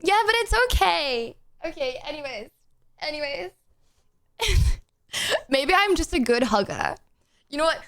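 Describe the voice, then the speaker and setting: A woman's voice: high-pitched, big pitch swings, measured pace, pauses often, fairly bright tone. A woman streamer chatting casually with her live chat in a bubbly, rambling way while she plays a drawing game.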